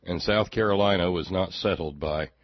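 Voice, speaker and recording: A man's voice: low-pitched, moderate pace, no room sound, muffled recording. A man hosting a talk show, giving a sarcastic, rambling political monologue and repeating words as he goes.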